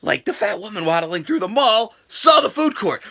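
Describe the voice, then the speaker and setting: A man recapping wrestling for his vlog in a strikingly high, bright, tense voice with a gravelly edge. His delivery is crude and jokey. It swings widely in pitch and breaks into shouted outbursts. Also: big pitch swings, normal speed. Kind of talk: comedic wrestling show recap.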